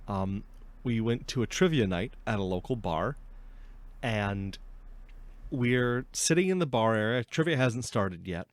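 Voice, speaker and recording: A man's voice: fairly low pitch, animated, a little slow, dry recording. A young man hosting a casual podcast, telling stories in a chatty way and laughing often. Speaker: podcast host.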